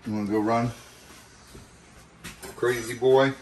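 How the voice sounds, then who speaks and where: A man's voice: mid-range voice, steady tone, takes it slowly, darkish tone, a little hiss or hum. A man vlogging while feeding animals outdoors, chatty and coaxing with them. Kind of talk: casual vlog chat.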